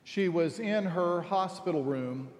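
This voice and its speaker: A pastor delivering a sermon, reading scripture and telling stories in a measured, deliberate way. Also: male voice, sits high, a little mellow, long reverb tail. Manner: measured, storytelling delivery with slow deliberate phrasing.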